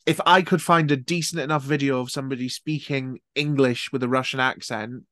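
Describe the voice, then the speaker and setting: Male podcast host, relaxed chatty delivery with casual swearing, mid pitch, dry close sound. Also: brisk, no echo. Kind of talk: casual chat.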